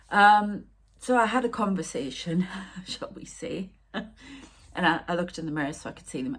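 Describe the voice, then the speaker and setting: A woman's voice: deep voice, husky. A woman who works as a spiritual medium, rambling in an emotional, upset way as she talks on her vlog and often dropping to a near whisper. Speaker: spiritual medium and channel host. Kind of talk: casual spiritual vlog talk.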